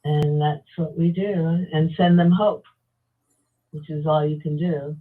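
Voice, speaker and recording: A woman speaks slowly over a thin, phone-like call line that strips the fullness from her voice. She is a guest telling her story in a chatty, unhurried way, with small pauses between thoughts. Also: low-pitched, steady tone. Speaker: guest, advocacy group founder. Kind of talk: casual remote interview.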